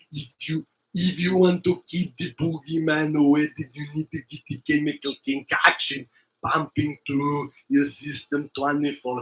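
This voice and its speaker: A man doing a comic impression of an older action-movie muscleman, making slow, emphatic, repetitive pronouncements. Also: a little high, pushed and bright, poor audio.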